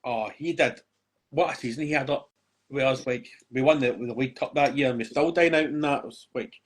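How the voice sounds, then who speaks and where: Husky Scottish man telling a sweary story. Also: medium pitch, fairly quick. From Scotland. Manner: sweary, tells stories by acting out both sides of a dialogue. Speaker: podcast co-host. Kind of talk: casual chat.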